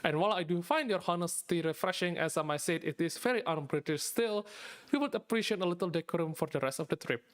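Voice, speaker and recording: Man voicing whimsical young gentleman, florid, overly polite, higher voice. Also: fast. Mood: prim. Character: young whimsical male candy-maker, polite and wordy.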